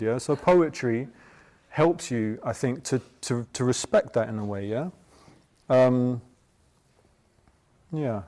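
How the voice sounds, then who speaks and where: A man's voice: medium pitch, a little slow, pauses often, a little mellow. Chatty man giving a dharma talk. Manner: chatty, tags points with "yeah?"; loose and rambling, with many restarts. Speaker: Buddhist teacher.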